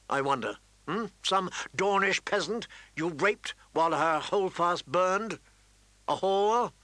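Male narrator doing a haughty, scornful queen, lifted a little in pitch, bright and dry. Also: no echo. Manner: contemptuous, haughty, turning seductive. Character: proud scornful noble queen, woman.

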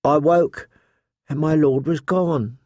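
A man voicing a young woman who whispers softly in a storybook reading. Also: fairly high pitch, animated, normal speed, no echo, studio quality. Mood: whispered. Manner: whispering, soft. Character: young female camp girl, soft and whispery.

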